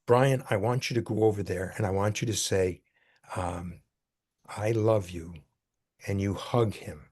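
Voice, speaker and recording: A man's voice: lowish voice, fairly even intonation, measured pace, a little mellow, slightly rough. An older man voicing a stern mother firmly ordering her young son. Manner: firm, commanding.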